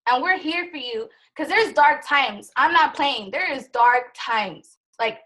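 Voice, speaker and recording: A woman's voice: high voice, lively intonation, a little slow, bright, forceful tone, poor audio. A woman in her thirties leading a motivational training call, emotional and rambling, with a fired-up pep-talk manner. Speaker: team leader of a sales business. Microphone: call recording.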